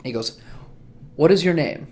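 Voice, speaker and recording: A man voicing a stern, condescending young-looking male vampire prince at a tabletop game, speaking in a cold, measured, quietly lecturing way. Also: on the high side, animated.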